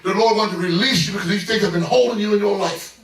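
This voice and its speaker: A middle-aged man preaching a sermon as pastor, building into loud bursts and calling out to the congregation. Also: high voice, quick pace. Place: church sanctuary. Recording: echoey church from far off.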